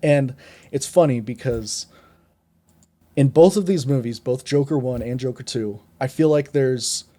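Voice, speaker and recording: A man with a dark, mellow voice talks through a film in a loose, casual review. He rambles, backtracks and restarts as he rants on. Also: mid-range voice, a little slow. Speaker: podcast co-host. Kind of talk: casual movie review chat.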